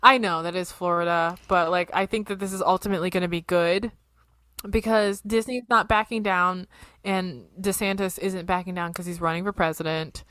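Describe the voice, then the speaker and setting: A woman from Ohio chats casually as a podcast co-host, lively and expressive. She laughs often and swears without a second thought. Her voice sits dry and close, with hardly any room sound. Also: lowish voice, normal speed, no room sound. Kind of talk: casual chat.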